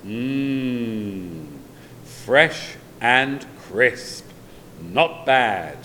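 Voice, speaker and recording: A man doing a slow, relishing baker husband. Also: mid-range voice, lively intonation, pushed and bright, big-room sound, slight background noise, exaggerated voice. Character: hungry husband baker, ordinary grown man.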